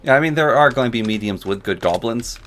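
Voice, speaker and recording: A man's voice: medium pitch, lively intonation, fast talker, fairly bright tone, slight background noise. A man casually rambling and joking while narrating his gameplay. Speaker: gaming channel host.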